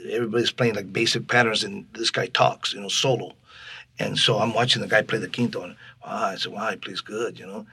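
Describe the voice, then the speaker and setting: A man from Texas, appearing as a guest musician, tells interview stories and acts out the voices of the people in them with animation. His voice is fairly low, creaky and breathy-edged, and he talks fairly quickly.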